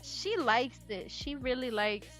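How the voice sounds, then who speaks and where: A woman co-hosting a book club podcast, chatting casually and reading passages aloud in an animated, laughing, slangy way. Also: fairly high pitch, a little slow, faint music behind.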